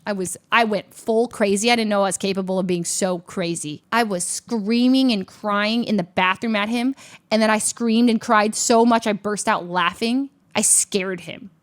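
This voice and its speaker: A young adult woman, a streamer, telling a personal story in an animated, chatty way, full of fillers. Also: medium pitch, moderate pace. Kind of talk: casual storytelling.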